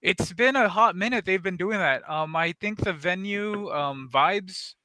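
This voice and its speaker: A man hosts a casual podcast, trading loose, profane stories and laughing as he goes. His voice sits high and bright, smooth and crisp, recorded close and dry with no room around it. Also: a little slow, no echo. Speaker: podcast host. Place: San Antonio area.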